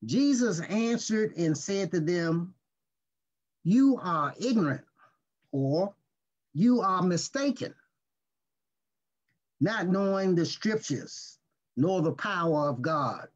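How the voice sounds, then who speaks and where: Man, pastor, sermon teaching, high voice, unhurried, deliberate stresses, dull lo-fi sound. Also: expressive. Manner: slow, deliberate scripture reading with stressed words. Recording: dull lo-fi recording.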